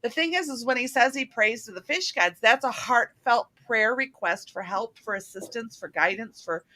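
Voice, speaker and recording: Speaking at a normal pace with a slightly high voice, this middle-aged woman hosts a laid-back spiritual talk show. Her delivery is earnest, lively and chatty.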